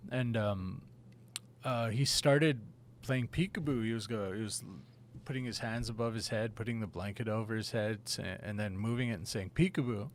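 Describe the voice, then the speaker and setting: A man co-hosting a casual podcast, telling his own eerie experiences in a relaxed, rambling way with casual swearing. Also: on the low side, moderate pace, slight background noise. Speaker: podcast co-host. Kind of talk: casual storytelling chat.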